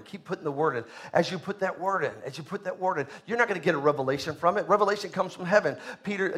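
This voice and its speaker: A man's voice: high voice, a bit bright. A man preaching a sermon as pastor, emphatic, repeating key phrases and calling on the congregation to respond.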